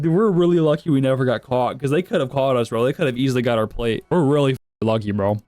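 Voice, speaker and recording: A man's voice: a little high, fast talker, few pauses, a little mellow, dry recording. Young man, casual storytelling, profane, laughs at own jokes, dry close sound. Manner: crude, profane, laughing at his own pranks. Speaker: commentator.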